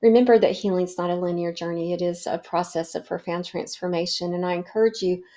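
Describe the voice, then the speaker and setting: A middle-aged woman hosting a wellness show, telling a personal story in a warm, reflective way with fillers. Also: fairly low pitch, steady tone, brisk. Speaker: podcast host.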